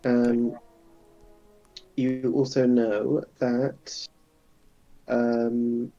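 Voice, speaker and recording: A man as game master of a tabletop game, explaining lore with frequent ums and pauses. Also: mid-range voice, completely flat delivery, dark tone, lo-fi sound, faint music behind.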